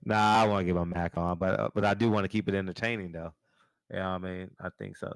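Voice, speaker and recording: A man's voice: low voice, steady tone, quick pace. A man hosting a live call-in show, talking in a laid-back, slangy way and laughing often. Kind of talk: casual live-stream chat.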